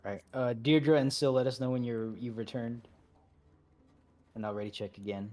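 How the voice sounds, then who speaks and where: A man talks a group through a game raid over a voice chat mic. He sounds easygoing and chatty, with apologetic asides. His voice sits at an ordinary middle pitch. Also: steady tone, normal speed, darkish tone. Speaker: raid leader. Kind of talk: giving instructions over voice chat.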